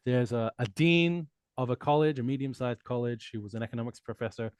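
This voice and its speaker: A man from Australia with an accent that blends Australian and American Midwest sounds, talking casually as a guest and telling animated stories with frequent restarts. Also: medium pitch, fairly quick, smooth, no room sound. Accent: Australian mixed with American Midwest. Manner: animated storytelling with repeated restarts. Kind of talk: casual conversation.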